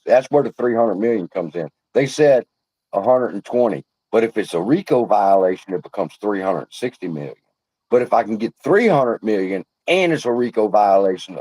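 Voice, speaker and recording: Fired-up, profane man with a lively voice. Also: fairly low pitch, moderate pace, dry recording, poor audio. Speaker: livestream host. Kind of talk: heated casual livestream rant.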